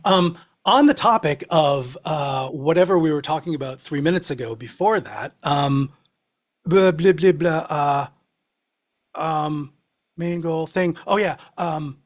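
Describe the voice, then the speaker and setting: A man's voice: a little high, lively intonation, unhurried. Rambling man musing on songwriting. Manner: rambling, with frequent ums and restarts. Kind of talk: casual chat about songwriting.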